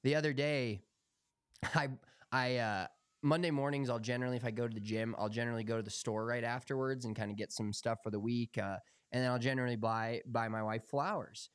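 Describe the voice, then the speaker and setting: A man's voice: mid-range voice, fairly even intonation, fairly quick, clean tone, dry recording, studio quality. A young man co-hosting a podcast, telling rambling, profanity-laced stories in casual chat. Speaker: podcast co-host.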